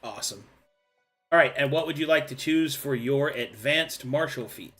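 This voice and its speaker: A man's voice: mid-range voice, moderate pace, a bit bright, soft background music. A man acting as game master, playfully guiding a player through a level-up in a tabletop game. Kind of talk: running a tabletop game session.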